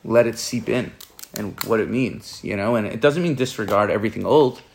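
A man's voice: lowish voice, moderate pace, creaky. A man giving an informal Torah class, rambling and often restarting and repeating his words. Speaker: Torah teacher.

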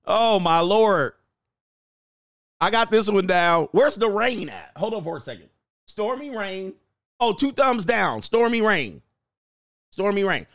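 High-voiced, very animated male host. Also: measured pace, long pauses, no echo, clean studio sound. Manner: animated, exclamatory, laughs often. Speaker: host and coach. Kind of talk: casual chat reading viewer comments.

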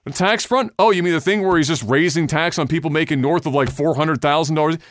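A man's voice: a little high, fast, dry recording, studio quality. A man hosting a casual podcast, ranting bluntly and heatedly with lots of swearing. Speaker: podcast host.

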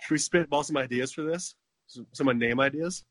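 A man's voice: on the high side, moderate pace, a bit bright, dry recording. Thirties male co-host, jokey, drifts into silly voices, dry sound. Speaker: podcast co-host. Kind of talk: casual chat.

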